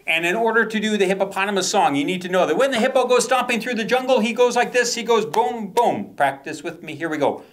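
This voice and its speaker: A man's voice: a little high, fairly bright tone. A man, a children's author, performing his poems and songs for kids, playfully coaxing them to join in. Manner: playful, coaxing call-and-response.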